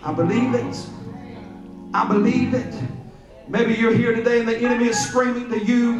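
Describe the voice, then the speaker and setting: A man preaching a sermon as pastor, swelling into chanted, sing-song peaks and dropping low and soft when quoting scripture. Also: fairly even intonation, normal speed, long pauses, far from the mic, highs cut off. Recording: roomy church hall with music behind.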